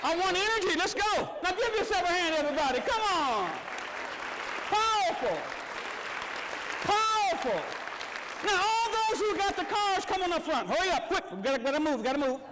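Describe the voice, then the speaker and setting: A man's voice: very high voice, very animated, normal speed, big-room sound, heavy background noise. A man giving a motivational workshop talk to a live audience, urging them on with repeated calls for energy. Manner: exhorting, repetitive, urging the crowd on. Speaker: motivational speaker. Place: large meeting room with audience at tables.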